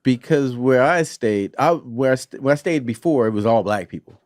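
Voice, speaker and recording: A man's voice: mid-range voice, expressive, moderate pace, a little mellow, no room sound. A man in a casual group chat who tells stories with exclamations.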